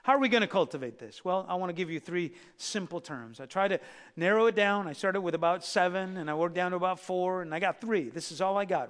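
High bright-voiced preacher in a hall. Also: male voice. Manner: animated storytelling, acting out biblical characters. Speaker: pastor. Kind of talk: sermon. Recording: reverberant hall.

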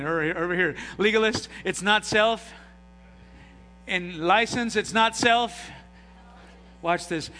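A man preaching a sermon as pastor, telling stories with acted-out voices and lively emphasis. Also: sits high. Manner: animated storytelling with acted-out voices. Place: church sanctuary. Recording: live hall reverb with mains hum.

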